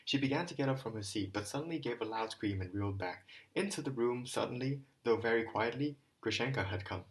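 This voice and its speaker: A man's voice: mid-range voice, brisk, few pauses, low-quality recording. A man reading a classic novel aloud as an amateur audiobook narrator, with occasional stumbles and rereads. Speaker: audiobook reader.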